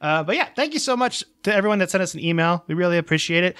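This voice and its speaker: A man co-hosting a casual podcast, with a voice a touch higher than most men's. He talks in a rambling, self-deprecating, jokey way. The sound is dry and close, with no room echo. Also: lively intonation, rapid-fire, a bit bright, smooth. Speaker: podcast co-host. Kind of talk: casual chat.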